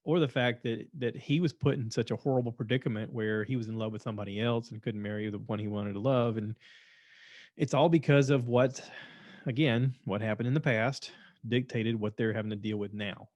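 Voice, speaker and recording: A man's voice: mid-range voice, fairly quick, a little mellow, no room sound. Guy rambling on his podcast, chatty and opinionated, says stuff twice, mid voice. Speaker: podcast host. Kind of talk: casual monologue reviewing shows.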